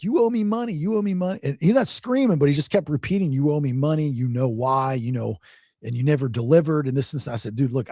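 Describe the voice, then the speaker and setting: Gravelly man telling a story. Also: mid-range voice, no room sound, studio quality. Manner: rambling, repeats words, animated when quoting others. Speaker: podcast host. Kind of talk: casual storytelling chat.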